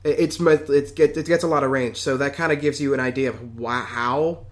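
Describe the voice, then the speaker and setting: A man's voice: medium pitch, fairly even intonation, moderate pace. A man co-hosting a casual chat, hesitant, with many fillers and restarts. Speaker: podcast co-host.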